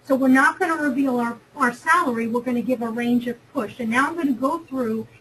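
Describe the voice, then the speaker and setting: Chatty woman with a high voice. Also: brisk, a bit bright, a little hiss or hum, rough recording. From New Jersey. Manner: chatty, emphatic, repeats and restarts phrases. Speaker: career webinar presenter. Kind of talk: lecture on negotiation.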